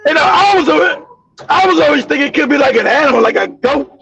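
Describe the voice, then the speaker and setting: High, gravelly man telling a wild story. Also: fast, lo-fi sound, crowd noise. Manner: animated, profane storytelling with loud outbursts and laughter. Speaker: host. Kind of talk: storytelling on a livestream.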